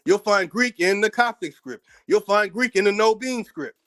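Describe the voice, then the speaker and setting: A man's voice: sits high, moderate pace, a bit bright, soft background music. An American man hosting his own channel, delivering a heated, profane commentary rant, combative and repeating words as he gets worked up. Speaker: channel host.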